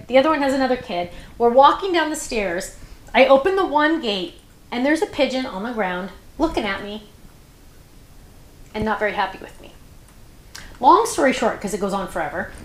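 A woman's voice: a little high, echoey room, slight background noise. A woman hosting a crafting show, chatting casually and rambling through stories with plenty of fillers.

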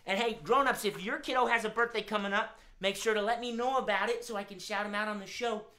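A woman's voice: mid-range voice, quick pace, bright, forceful tone. A woman who hosts a live-streamed children's music show, speaking in an upbeat way and addressing the kids directly.

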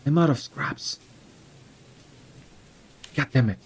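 A man streaming a game, excitable and swearing, yelling at the monster and switching between English and Spanish. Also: mid-range voice, slow pace, a little hiss or hum. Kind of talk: live gameplay commentary.

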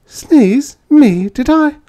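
A sharp, prying woman in a bar pushes her questions in a raised, lively voice, as a man reading an audiobook puts her on. Her voice leaps high and swings around as she probes and frets. This is an audiobook character voice. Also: normal speed. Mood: flustered. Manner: knowing, then jumpy and flustered.

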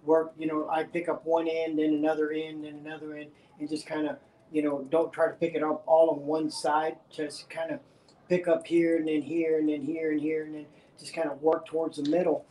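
A man's voice: a little high, monotone, fairly quick, warm tone, a little hiss or hum. A middle-aged man co-hosting a furniture livestream, explaining his work in a rambling way with lots of "you know". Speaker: co-host working on furniture. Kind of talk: casual livestream chat. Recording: roomy workshop sound.

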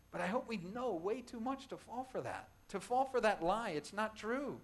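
A man's voice: sits high, animated, normal speed, few pauses. A man preaching a sermon as pastor, emphatic, repeating phrases and rising into exclamations. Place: church sanctuary.

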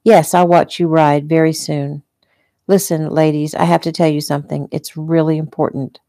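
Casting: gentle hurt man, soft and tender with kids, low mellow voice, read by a woman. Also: little pitch movement, moderate pace, no room sound, clean studio sound. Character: injured gentle man, tender with little girls.

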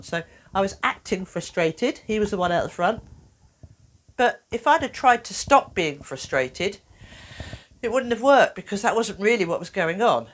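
Lively woman teaching children. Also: on the low side. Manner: animated, playful, acts out little voices. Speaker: children's wellbeing presenter. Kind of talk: talking to children in an educational video.

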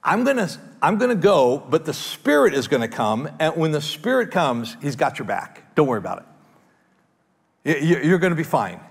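A preacher acting out a soothing male teacher figure with a gravelly, slightly husky voice, pitched a little high. The words ring out into a long church reverb. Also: very animated, normal speed, full character voice. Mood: reassuring.

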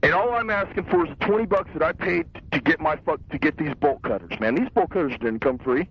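A man's voice: fairly high pitch, lively intonation, quick pace, breathy edge. A young man ranting in a casual conversation, agitated, boastful and full of profanity. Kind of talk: casual phone-style conversation. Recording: muffled lo-fi cassette tape.

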